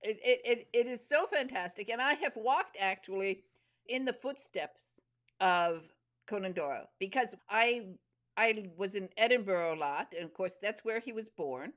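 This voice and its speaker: A woman's voice: mid-range voice, expressive, normal speed, a bit bright. A woman hosting an interview, enthusiastic and prone to stammering restarts. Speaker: host. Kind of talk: casual interview chat.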